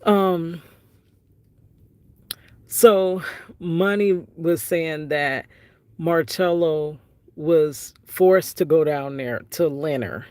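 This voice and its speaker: A woman's voice: low-pitched, very slow, pauses often, darkish tone, no room sound. A middle-aged woman telling a story in a casual vlog. She talks frankly and conversationally, retelling conversations with her family. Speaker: vlogger, prison wife.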